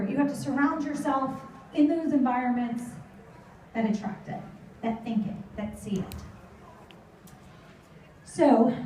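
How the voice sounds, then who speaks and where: A middle-aged woman with a high, mellow voice gives a motivational talk to a live audience. She tells lively stories and slips into her children's voices. She is heard from well off the mic in a very echoey hall. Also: recorded from a distance, slight background noise. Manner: animated storytelling, acts out her kids' voices. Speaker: motivational speaker.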